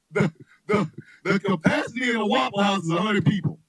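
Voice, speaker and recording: A man who is a comedian and radio host, joking loudly in animated casual chat, often shouting and laughing. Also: high voice, moderate pace, husky, no echo, rough recording.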